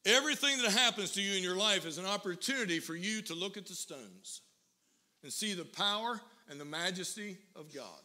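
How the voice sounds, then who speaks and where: A man preaching a sermon as pastor, telling a story with rising intensity and emphatic pauses. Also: high-pitched, bright, forceful tone. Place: church.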